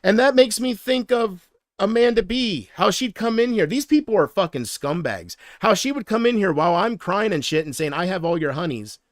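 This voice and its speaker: A man on a livestream vents in an agitated, profane rant and answers his chat as he goes. His voice sits a bit high for a man. The sound is close and dry, with no room echo. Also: animated, moderate pace. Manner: reads viewer comments aloud. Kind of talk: live-stream rant to chat.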